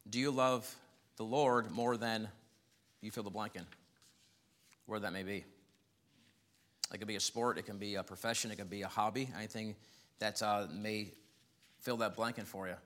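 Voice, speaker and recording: Male preacher, bright tone, conversational sermon with frequent chuckles. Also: fairly low pitch, steady tone, moderate pace, long pauses. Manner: conversational, chuckles often, voice rises sharply when acting out questions.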